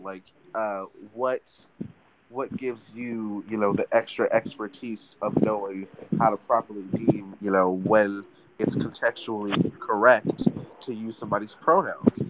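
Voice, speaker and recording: A man's voice: fairly low pitch, moderate pace, heavy background noise. A man co-hosting a podcast in casual chat, rambling and swearing as he retells a story. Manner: profane, rambling, animated retelling. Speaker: podcast co-host.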